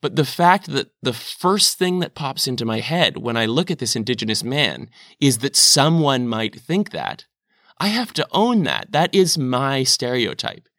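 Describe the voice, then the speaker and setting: A man's voice: medium pitch, very animated, unhurried, a bit bright, no room sound, studio quality. A man speaking in an earnest, self-questioning, confessional monologue. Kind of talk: reflective personal monologue.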